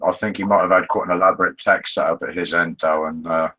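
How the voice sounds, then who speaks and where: Male live-chat guest, very deep and husky voice, easygoing. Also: steady tone, fast talker, sharp tone. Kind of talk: casual chat.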